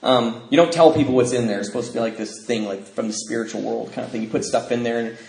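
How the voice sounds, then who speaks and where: A man's voice: mid-range voice, steady tone, fast, vocal fry, darkish tone. Joking man speaking in a roomy hall. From Bellingham, Washington. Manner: joking, self-mocking, with frequent fillers. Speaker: recovery speaker. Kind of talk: storytelling talk to a live audience. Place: convention hall before an audience. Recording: roomy hall, noisy live recording.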